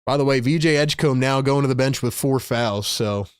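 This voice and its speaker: A man in steady, middle-pitched tones calls the game play-by-play for a live online stream. His delivery is exasperated and chatty, and it breaks off to talk to viewers. The sound is dry and close, with no room around it. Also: fairly quick, clean tone, no echo. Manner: frustrated, exasperated, chats to viewers. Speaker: live-stream sports commentator. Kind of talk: live play-by-play with fan reaction.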